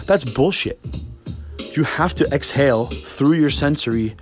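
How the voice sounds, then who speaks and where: A young man hosting a podcast alone, talking in a profane, rambling, animated way. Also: mid-range voice, a little slow, soft background music. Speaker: podcast host. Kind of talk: casual monologue.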